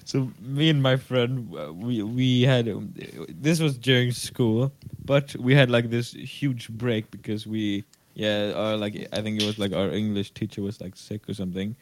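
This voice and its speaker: A man co-hosting a podcast, telling a rambling story full of fillers and acted-out shouts. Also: lowish voice, measured pace, slight background noise. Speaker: podcast co-host. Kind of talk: casual chat.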